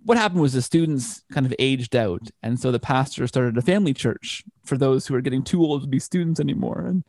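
A man's voice: mid-range voice, fairly quick, a little mellow, no echo, clean studio sound. A man telling a long personal story in an interview, full of restarts and asides. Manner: rambling, frequent restarts. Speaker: interview guest. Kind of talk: conversational storytelling.

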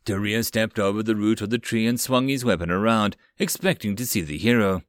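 A man narrating a web novel as an audiobook, with a steady, even reading. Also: fairly low pitch, brisk, no room sound, studio quality.

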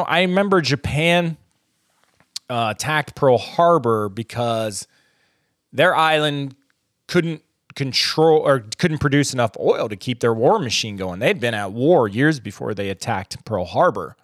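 A man from the United States hosts a solo podcast rant, blunt and profane, his pitch swinging up and down as he gets worked up. He rambles, restarts and trails off. The sound is close and dry, with no room echo. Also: a bit bright. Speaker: podcast host.

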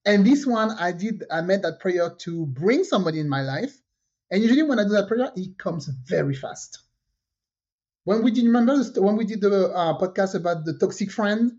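A woman tells a personal story in a relaxed podcast chat, slipping into the voices of the people she quotes. Her pitch sits in the middle range for a woman. The recording sounds a little dull and lo-fi. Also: fairly quick, breathy edge. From French Caribbean. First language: French. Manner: lively storyteller who acts out quoted dialogue. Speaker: podcast co-host.

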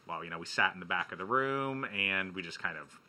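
A man's voice: sits low, animated, brisk, sharp tone. A man co-hosting a radio show, bantering in a joking, playful way. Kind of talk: casual banter.

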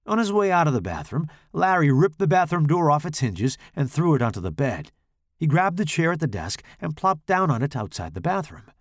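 A man reading a horror story aloud in a dramatic, expressive way. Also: on the high side, a little fast, no room sound, clean studio sound. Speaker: author and podcast host.

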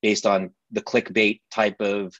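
A low-voiced man answers questions in a halting way, with lots of fillers and restarts. His audio is dull and muffled, and the sound is dry. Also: flat delivery, dry recording. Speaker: podcast guest. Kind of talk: conversational interview answers.

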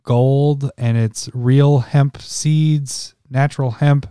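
A man co-hosting a podcast in casual chat, relaxed and quick to laugh. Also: mid-range voice, clear, resonant tone, dry recording, studio quality. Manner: laid-back, laughs often. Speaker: podcast co-host.

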